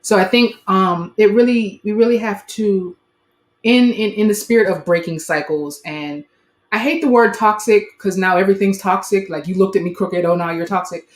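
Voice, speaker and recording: A woman's voice: mid-range voice, moderate pace. Affirming woman host, roomy sound. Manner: thoughtful, affirming, frequent "like". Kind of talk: casual conversational interview. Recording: roomy echo.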